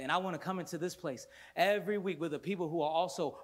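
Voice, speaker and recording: High-voiced man preaching fervently. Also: fast. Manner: fervent preaching with sudden loud bursts and hushed stretches; playful storytelling asides with laughter. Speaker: worship pastor. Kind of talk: sermon. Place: church sanctuary before a congregation.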